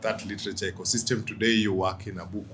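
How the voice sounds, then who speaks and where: A man with a very deep voice hosts an interview, asking thoughtful questions in a halting way. He restarts his sentences often as he gathers his thoughts. Faint noise sits behind him. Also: level tone. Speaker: podcast host.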